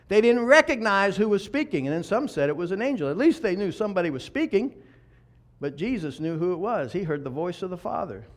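A man preaching a sermon as pastor, moving from quiet, intimate passages to loud, rousing ones. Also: high-pitched.

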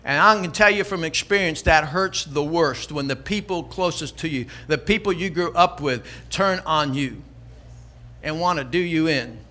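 An older man preaching a sermon in a church, energetic and emphatic, mixing exhortation with storytelling. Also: on the high side, normal speed. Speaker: pastor.

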